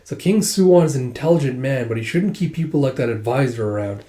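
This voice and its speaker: Man voicing a composed advisor, matter-of-fact, mellow tone, roomy echo. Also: mid-range voice, animated, fairly quick, close to an everyday voice. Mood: calm.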